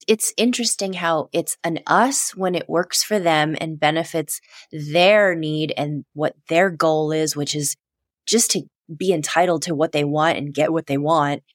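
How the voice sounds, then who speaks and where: A woman in a reflective conversation, speaking in a soft, heartfelt, thoughtful way. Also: deep voice, unhurried, no echo, studio quality.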